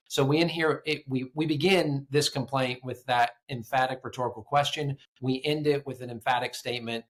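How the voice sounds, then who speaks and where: A man's voice: medium pitch, fairly even intonation, a little fast, few pauses, a bit bright. A man co-hosting a casual Bible study podcast, speaking in an earnest, reflective way with some stammered restarts. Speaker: podcast co-host.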